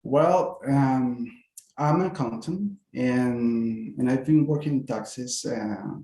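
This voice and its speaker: A man's voice: medium pitch, takes it slowly, warm tone, roomy sound, poor audio. A man with a Spanish accent, a native Spanish speaker, practicing English pronunciation in a lesson, agreeable and a little hesitant. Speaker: student, accountant.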